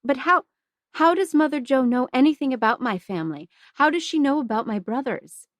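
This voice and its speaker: A woman's voice: fairly high pitch, lively intonation, unhurried, no room sound, studio quality, voice pushed up. A woman voicing a frightened, stammering girl. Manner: trembling, stammering. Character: frightened grieving young girl.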